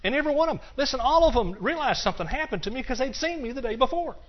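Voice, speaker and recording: An older man giving a personal testimony sermon, earnest and repetitive, dropping to hushed stretches and rising into passionate bursts. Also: very high voice, animated, rapid-fire. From Texas. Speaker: preacher. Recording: dull lo-fi recording.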